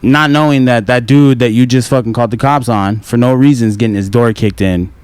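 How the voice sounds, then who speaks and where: A man's voice: mid-range voice, a little fast, darkish tone, clear, resonant tone, no room sound. A man in his thirties in a casual podcast chat, rambling and swearing freely. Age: 30s. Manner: profane, rambling, laid-back. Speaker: podcast host.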